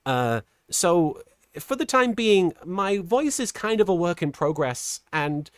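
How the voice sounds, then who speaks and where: A middle-aged woman streamer chatting casually while reading super chats, earnest and halting, with a softened feminine voice. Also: lowish voice, big pitch swings, clean tone, no room sound, clean studio sound. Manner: earnest, halting with many restarts; voice softened toward a feminine sound. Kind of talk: casual livestream chat.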